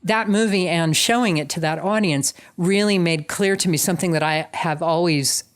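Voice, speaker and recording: A woman guest on a casual talk show, recounting anecdotes with animated energy. Her voice sits a little low for a woman. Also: moderate pace. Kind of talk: casual storytelling.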